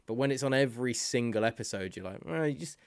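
A man co-hosting a podcast in casual, animated chat, laughing often. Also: mid-range voice, fast, smooth, dry recording. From United Kingdom. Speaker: podcast co-host.

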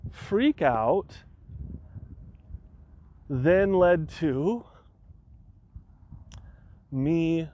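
A man with a fairly high voice hosts a solo podcast. He tells a personal story with lively energy and acts out his own frantic rants. A faint hum sits under the recording. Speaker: podcast host.

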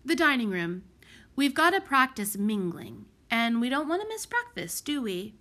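A woman voicing a bossy, clever young orphan girl who gives firm orders in a lively, high voice. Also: normal speed, heavily acted.

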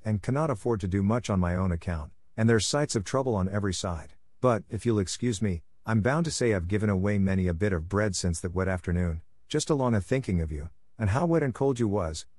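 A man's voice: on the low side, darkish tone, no echo. A man voicing a good-natured working-class baker woman who talks in a homely, chatty, ungrammatical way.

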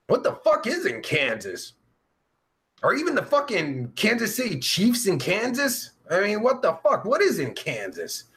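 Man, young adult, high voice, very lively swooping pitch, profane, sarcastic, rambling live stream chat. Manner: profane, rambling, sarcastic, with groans and drawn-out sighs.

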